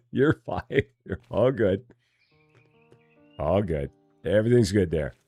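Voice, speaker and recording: A man's voice: sits low, lively intonation, takes it slowly, darkish tone, slightly rough, no room sound, faint music behind. A man casually commenting as he plays a store-building game on a live stream, chatting to viewers and joking to himself. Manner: chatty, talks to himself and chat, jokey mock voices. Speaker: streamer playing a store simulator.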